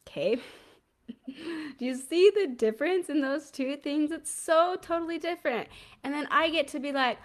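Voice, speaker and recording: A woman's voice: sits high, moderate pace. A woman in her thirties, a parenting host with a lingering cough, chatting informally and correcting herself as she goes. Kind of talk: casual solo talk to camera, live.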